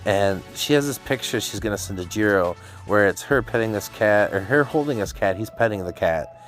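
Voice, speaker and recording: A man with a low voice talks through an anime episode in an easygoing, chatty way. He gets excited as he tells it and drops into brief voices for the characters. Faint music plays under him. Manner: excited, chatty retelling with laughs and quick quoted voices. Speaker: anime reviewer. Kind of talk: casual episode recap.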